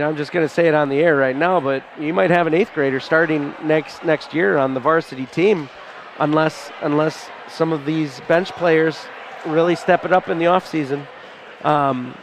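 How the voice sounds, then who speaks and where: A man in his forties calling a live high school basketball game with a stuffed-up nose, fond and folksy. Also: gravelly. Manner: fond, folksy, often near tears. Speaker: play-by-play announcer. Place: school gymnasium, in the stands. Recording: gym crowd noise behind the voice.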